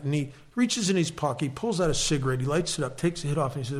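A man's voice: a little high, animated, very fast, few pauses. An American man giving a recovery meeting talk, a wry, self-deprecating storyteller.

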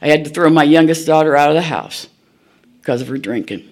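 A woman's voice: sits low, animated, quick pace, darkish tone. An older woman, telling her own story at a recovery meeting in a blunt, folksy, candid way, laughing at herself. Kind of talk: personal storytelling share.

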